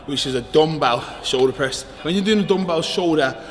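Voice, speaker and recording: A bodybuilder giving a casual gym workout tutorial, chatty and relaxed, with lots of ums. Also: male voice, on the high side, moderate pace, big-room sound. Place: echoey gym. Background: music playing.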